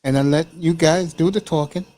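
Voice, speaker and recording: A man's voice: fairly high pitch, fairly even intonation, normal speed, dark tone. Laid-back man hosting a sports chat. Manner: laid-back, says "man" and "bro" often. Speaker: podcast host.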